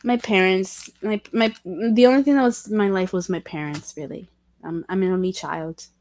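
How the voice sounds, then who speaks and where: A woman hosting a casual livestream chat with viewers, talking in a halting way with many restarts and self-corrections, candid and self-deprecating. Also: mid-range voice, a little mellow, dry recording. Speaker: livestream host chatting with viewers.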